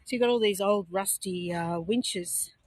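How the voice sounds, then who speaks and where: An Australian woman guiding a live walking tour outdoors on a coastal headland, talking in a chatty, meandering, gentle way into a handheld phone. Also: mid-range voice, a little slow, husky, no echo, poor audio. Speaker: tour guide.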